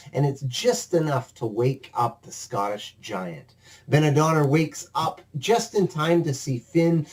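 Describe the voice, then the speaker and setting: Animated male preacher telling a story. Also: mid-range voice. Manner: animated storyteller, folksy phrasing. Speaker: pastor. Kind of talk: storytelling sermon.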